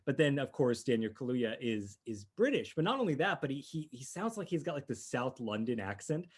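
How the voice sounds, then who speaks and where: A man's voice: mid-range voice, very animated, fairly quick, breathy edge. Enthusiastic man chatting about movies. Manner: rambling, restarts often, enthusiastic. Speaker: podcast co-host. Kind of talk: casual movie review chat.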